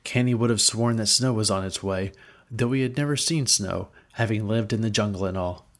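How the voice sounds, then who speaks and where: A man's voice: on the low side, normal speed. A man reading a fantasy story aloud in a dry, wry storytelling manner. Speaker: narrator. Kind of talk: scripted fantasy narration.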